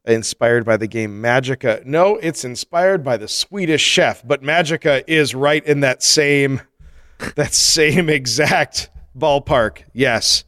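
A man's voice: mid-range voice, fairly bright tone, no echo, clean studio sound. A man co-hosting a podcast, chatting casually and joking while reading listener mail. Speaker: podcast co-host. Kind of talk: casual chat.

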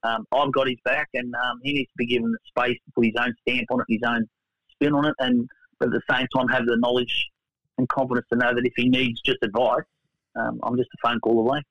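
Brief: man, podcast guest, jokey and animated, dry dull remote-call sound. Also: medium pitch, a little fast, gravelly, no echo. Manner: animated, jokey, uses "mate" often. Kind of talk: casual podcast chat.

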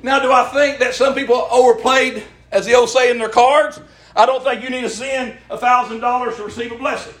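A middle-aged man preaching a sermon, folksy and impassioned, calling for the congregation's answers and rising to shouts. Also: very high voice, fairly even intonation, a little fast, echoey room. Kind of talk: sermon with call and response. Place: church.

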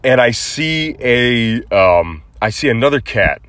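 A man's voice: mid-range voice, very animated, takes it slowly, a bit bright, dry recording. A man hosting a podcast, telling a personal story casually, rambling with many fillers and restarts. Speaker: podcast host.

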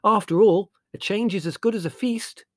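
A man's voice: sits high, moderate pace, no echo, clean studio sound, voice pushed up. A man voicing a pert teenage girl who talks earnestly and primly.

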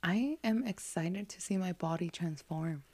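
A woman's voice: lowish voice, a little slow, mellow. A woman co-hosting a podcast in casual chat, upbeat, giggly and encouraging. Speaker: podcast co-host.

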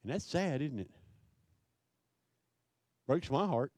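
Man preaching a slow, searching sermon. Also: a little high, sing-song, mellow, no echo. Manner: asks rhetorical questions, slow emphatic preaching. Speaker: pastor.

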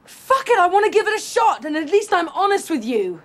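A woman's voice: very high voice, very animated, brisk. An actress playing a young woman who pleads tearfully with her lover. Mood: pleading.

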